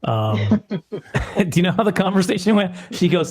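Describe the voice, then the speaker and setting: A man's voice: high voice, sing-song, moderate pace, a little mellow. A man, a film producer, telling a long rambling story in a casual interview, self-deprecating and often restarting his sentences.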